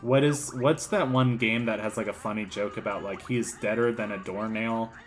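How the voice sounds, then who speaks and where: A man's voice: fairly low pitch, fairly even intonation, normal speed, faint music behind. A man giving casual gameplay commentary as a let's player, rambling and joking, with silly voices thrown in.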